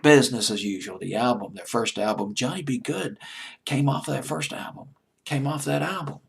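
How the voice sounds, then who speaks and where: Southern-accented countdown host, husky voice, chatty and rambling. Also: male voice, medium pitch, moderate pace. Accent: American Southern. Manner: rambling, chatty, self-mocking. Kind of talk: casual music commentary.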